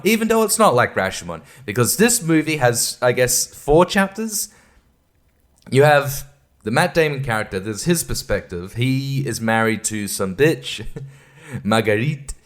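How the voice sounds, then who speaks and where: A man hosting a podcast, ranting casually and profanely in an exasperated way. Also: mid-range voice. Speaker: podcast host.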